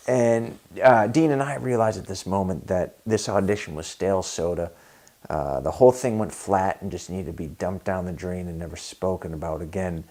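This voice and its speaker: Young guy telling a funny audition story, low voice, tired and deadpan. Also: normal speed. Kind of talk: comedic storytelling.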